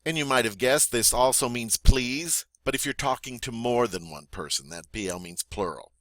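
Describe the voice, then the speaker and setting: A man teaching a French vocabulary lesson, saying each word clearly and patiently, then asking the learner to repeat it. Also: medium pitch, moderate pace, fairly bright tone, dry recording. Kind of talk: spoken language lesson.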